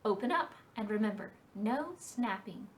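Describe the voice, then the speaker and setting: Woman voicing a bossy female woodland animal, brisk, exclaiming, storybook. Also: mid-range voice, animated, natural voice.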